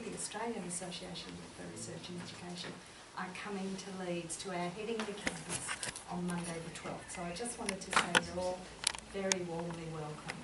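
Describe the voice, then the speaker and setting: Woman, academic, friendly jokey announcement, low-pitched, echoey room. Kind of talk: informal announcement to a seminar audience. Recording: echoey room, distant mic, loud background noise.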